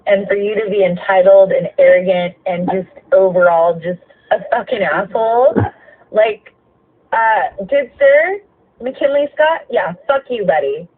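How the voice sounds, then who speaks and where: A woman bus driver venting about a rough late shift, tired, swearing a lot, her voice cracking with emotion. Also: mid-range voice, measured pace. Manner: heavy swearing, exasperated, voice breaking with emotion. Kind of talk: late-night venting rant. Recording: tinny phone-line sound, faint hiss.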